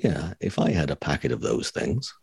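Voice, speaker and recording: Very deep, gravelly co-host with a lively swing, wry and rambling. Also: male voice, normal speed, no room sound, studio quality. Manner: rambling, self-mocking, wry. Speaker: podcast co-host. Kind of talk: casual chat.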